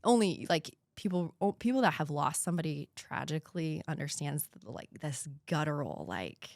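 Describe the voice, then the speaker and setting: A woman in her thirties from the United States, a podcast guest telling a painful personal story in an earnest voice that sometimes drops to a hushed whisper. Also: deep voice, lively intonation, normal speed, gravelly, hardly any pauses, no echo.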